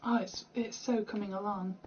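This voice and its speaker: A young British gaming streamer rambles and chats at home while she plays, laughing in a self-deprecating way. Her medium-pitched voice is a little mellow, with fairly even intonation and a moderate pace. The highs are cut off and there's a little hiss or hum.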